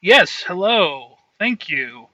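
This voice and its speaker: Bright, high-voiced deadpan man. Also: slow pace, no echo, poor audio. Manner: deadpan, playfully absurd. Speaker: podcast co-host. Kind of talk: casual comedy podcast chat.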